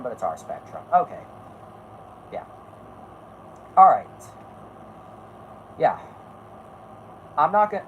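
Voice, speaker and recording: A woman's voice: deep voice, a little mellow, slight background noise, poor audio. A woman hosting a casual podcast, talking bluntly and rambling, stopping to correct herself and swearing freely. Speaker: podcast host. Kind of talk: casual chat.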